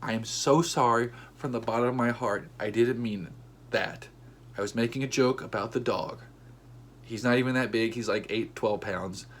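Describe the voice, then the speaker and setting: Animated man telling a comic story. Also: normal speed, a little hiss or hum. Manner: animated, acts out quotes with sudden high-pitched outbursts. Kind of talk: comedic storytelling monologue.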